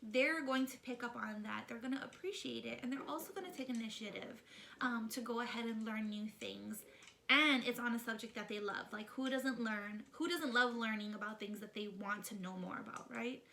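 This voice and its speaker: Female vlog host, animated and emphatic, bright crisp tone, casual advice. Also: fairly high pitch, normal speed. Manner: emphatic, chatty, often adds "okay?"; lively and animated. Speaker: parenting book-club host.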